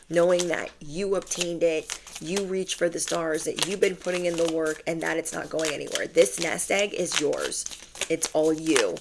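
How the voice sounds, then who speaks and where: A young woman reads tarot for her viewers in a casual, emphatic stream full of slang. Her voice sits fairly low with a gravelly fry, over a faint hiss of background noise. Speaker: tarot reader. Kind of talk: channeled tarot reading to viewers.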